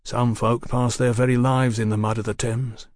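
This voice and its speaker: A man voicing a calm, worldly guide who speaks in a measured way, in an audiobook. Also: medium pitch, no room sound, studio quality, lightly acted.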